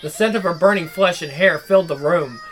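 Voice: medium pitch, a little fast, a little hiss or hum. A reader narrating a horror visual novel aloud, dramatic and broken by nervous laughs.

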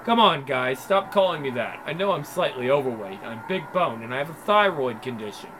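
A man doing a deep gentle preacher. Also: expressive, slight background noise, close to an everyday voice, rough recording. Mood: hurt. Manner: gentle, pleading, slow. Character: big soft-spoken older male preacher.

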